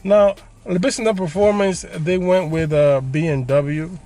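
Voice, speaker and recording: A man's voice: high-pitched, steady tone, measured pace, dark tone. A man hosting his car channel, giving opinions in a joking, casual way with frequent laughs.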